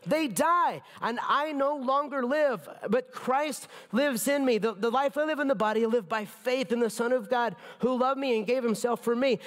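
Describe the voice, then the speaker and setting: High-voiced preaching man in a reverberant hall. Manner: emphatic preaching, drops to near whisper when moved. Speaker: pastor. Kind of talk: sermon. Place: church sanctuary.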